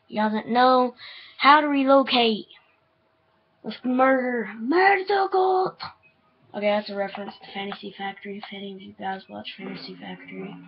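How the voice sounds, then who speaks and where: A young woman commentating her own shooter gameplay, swinging between easy chatter and yelling and swearing at other players. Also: medium pitch, breathy edge. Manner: excitable, yelling and swearing at opponents. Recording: dull lo-fi sound.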